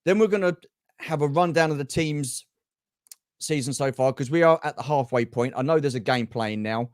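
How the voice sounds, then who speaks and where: A man's voice: medium pitch, normal speed, no echo, clean studio sound. A middle-aged man co-hosting a livestream, chatting casually about football and greeting viewers by name. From England. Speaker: livestream co-host.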